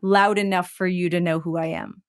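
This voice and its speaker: Her lowish voice is smooth and steady at a normal speed. This Texas singer-songwriter, a guest in an interview, talks reflectively and candidly, laughing readily and often using "like".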